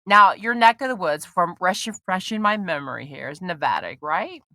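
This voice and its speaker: A woman's voice: on the low side, expressive, moderate pace, pushed and bright, dry recording. A woman hosting a podcast interview, chatty and playful, laughing often. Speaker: podcast host. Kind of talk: casual interview chat.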